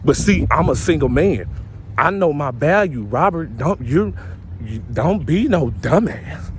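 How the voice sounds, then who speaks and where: A man's voice: medium pitch, lively intonation, fairly quick, slight background noise. A man vlogging a casual rant to his viewers, repetitive and full of street slang.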